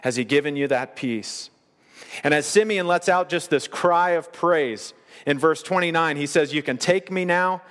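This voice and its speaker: A man preaching a sermon as pastor, earnest, slowing down on the key phrases. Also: on the high side, fairly bright tone, big-room sound.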